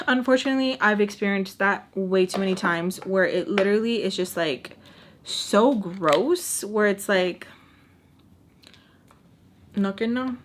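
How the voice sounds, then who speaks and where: A woman's voice: mid-range voice, measured pace. Chatty young woman telling a story. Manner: chatty, animated, drops in Spanish words and fillers. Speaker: storytime vlogger. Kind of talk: casual storytelling to camera.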